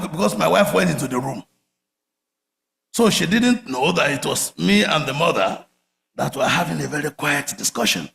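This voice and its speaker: A man preaching a sermon, telling stories with big swings from loud outbursts to quiet murmurs. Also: on the high side, normal speed, creaky. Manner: animated storytelling, swings from shouts to murmurs. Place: church sanctuary. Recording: echoey church hall.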